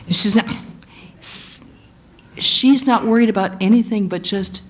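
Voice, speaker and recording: A woman giving a sermon, retelling an epic as animated storytelling and acting out the quotes. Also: mid-range voice, measured pace. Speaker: guest speaker, monastic.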